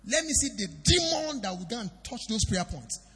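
A pastor preaching a sermon in a church hall, swinging between loud declarations and quiet confiding. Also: male voice, high-pitched, very animated, normal speed, slightly rough. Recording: long reverb of a church hall.

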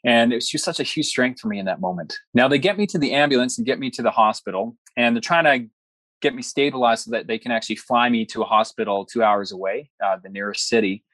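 A man's voice: medium pitch, no echo. Earnest young man telling his story. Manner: earnest, animated storytelling with quoted dialogue. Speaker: guest. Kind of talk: personal story in an interview.

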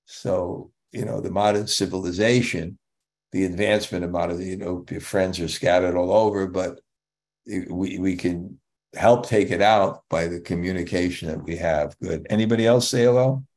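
Older male teacher with a lowish voice, greeting students over a video call, loose and rambling. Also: steady tone, normal speed. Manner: warm, rambling, with many restarts and "you know". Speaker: spiritual teacher answering students. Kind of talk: casual talk with students after a class.

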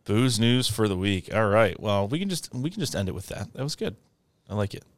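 A man's voice: fairly low pitch, sing-song, a little fast, no room sound. A man co-hosting a podcast in casual chat, joking, swearing and laughing often. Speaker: podcast co-host.

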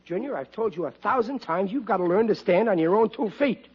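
A blustering New dad. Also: male voice, sits high, lively intonation, fairly quick, breathy edge. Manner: blustering, flustered, stammering. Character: blustering bumbling working-class father. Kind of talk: 1940s radio comedy acting. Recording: lo-fi old radio broadcast.

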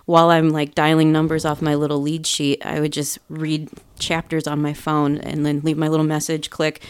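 Lady cohost swearing thru a story, low-ish voice, dry close mic, real chatty. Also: normal speed, clean tone, no room sound. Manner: profane, animated storyteller. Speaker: podcast co-host. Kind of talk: casual chat.

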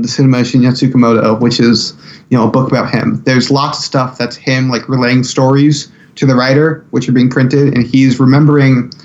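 A man's voice: mid-range voice, darkish tone. Rambling male guest on dull audio. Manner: rambling, filler-heavy storytelling. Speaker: guest filmmaker. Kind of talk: casual podcast chat.

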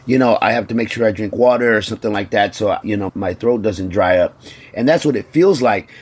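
A man's voice: lowish voice, a little fast, husky. Man with a scratchy throat hosting. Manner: rambling, repeats words. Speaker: podcast host. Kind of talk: casual chat.

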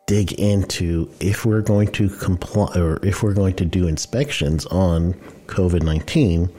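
A man's voice: sits low, mellow. A man hosting a podcast, explaining rules in a loose, conversational way with fillers and self-corrections. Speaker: podcast host on workplace safety compliance. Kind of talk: casual explainer talk.

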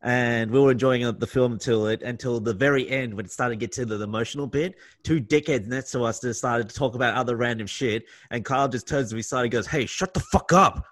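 A man's voice: mid-range voice, fairly even intonation, fast talker, hardly any pauses, dry recording. A young man telling sweary anecdotes in casual podcast chat. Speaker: podcast co-host.

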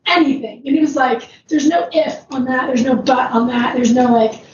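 Her voice is high with a darkish tone and normal speed as this ultrarunner guest tells a long, rambling personal story. She fills it with "like"s and other fillers and laughs often. The recording is roomy, distant, dull and noisy in the background.

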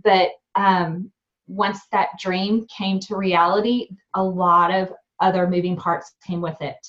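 A young woman, a restaurant owner and new mom, telling her story in an interview in a candid, animated way with many fillers. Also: fairly low pitch, unhurried. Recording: dull lo-fi sound.

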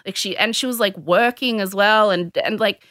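Woman, Australian accent, animated storytelling, bright voice, dry recording. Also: medium pitch, moderate pace, no room sound. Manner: animated, acts out quotes of others. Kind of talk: casual storytelling chat.

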